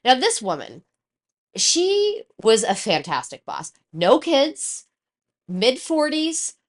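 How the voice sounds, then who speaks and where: A woman's voice: high voice, takes it slowly. A woman, co-hosting a casual chat show and telling a personal story, swearing freely and acting out the voices of the people in it. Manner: animated, swears freely, acts out quoted voices. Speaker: podcast co-host.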